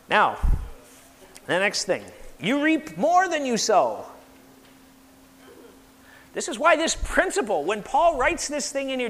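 Animated, high-pitched preaching man. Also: moderate pace. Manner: emphatic, leads congregation in call-and-response repetition. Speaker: pastor. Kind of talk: sermon. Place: church sanctuary. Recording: long hall reverb.

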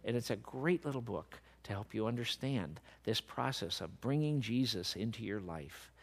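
A male preacher delivering a sermon to a seated congregation. His pitch rises and falls with lively swings. He sinks to soft, low passages and then builds to loud, emphatic peaks. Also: moderate pace.

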